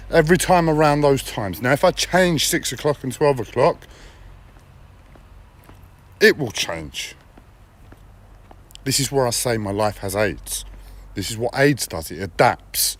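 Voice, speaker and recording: A man's voice: medium pitch, animated, measured pace, pauses often. A man streaming live, talking in a blunt, profane personal monologue with repeated phrases and a whiny edge.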